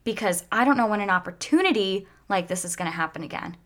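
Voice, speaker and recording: A woman telling a heartfelt personal story in a lively way, sometimes dropping to a soft whisper when she gets emotional. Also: medium pitch, fast. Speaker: speaker sharing a faith testimony.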